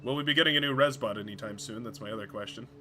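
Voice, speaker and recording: A man's voice: medium pitch, racing, sharp tone, slight background noise. A man streaming a video game live, chatting casually and rambling, often stumbling over his own words.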